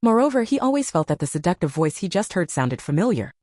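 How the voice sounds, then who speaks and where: A woman's voice: fairly low pitch, big pitch swings, quick pace, darkish tone, no echo, clean studio sound. A woman narrating a romance novel in a scripted storytelling manner.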